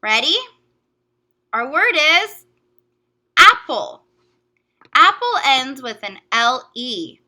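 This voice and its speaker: A woman teacher giving a recorded phonics lesson to young children, sounding out letters and words slowly and carefully. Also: sits high, sing-song, pushed and bright.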